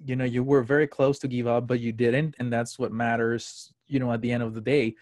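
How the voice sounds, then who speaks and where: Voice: mid-range voice, level tone, brisk, darkish tone, dry recording, studio quality. A podcast host interviewing a guest, encouraging and often repeating words and saying you know.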